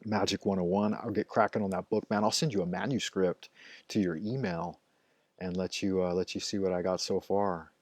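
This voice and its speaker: A man's voice: deep voice, fairly even intonation, normal speed, no room sound. A middle-aged man hosting a live stream, telling stories in a casual, rambling way, swearing often and filling gaps with "like" and "you know". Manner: profane, loose, chatty, with frequent fillers.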